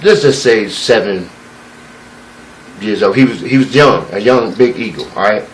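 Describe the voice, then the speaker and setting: A man's voice: medium pitch, slight background noise, low-quality recording. A man telling a parable and giving a spiritual talk, loose, preachy and full of profanity.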